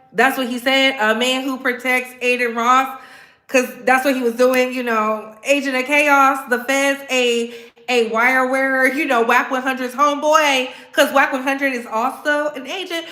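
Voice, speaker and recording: A woman's voice: high-pitched, steady tone, unhurried, pushed and bright, echoey room. A woman hosting a pop culture commentary show, reacting with sass and emphatic remarks. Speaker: commentary host.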